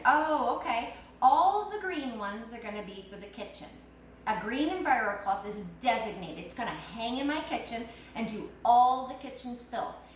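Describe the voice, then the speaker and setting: Animated woman demoing in an echoey kitchen. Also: a little high. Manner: animated, emphatic, addresses audience directly. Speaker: product demonstrator. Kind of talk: live cleaning product demo. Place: home kitchen at the sink. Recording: echoey room, distant mic, faint noise.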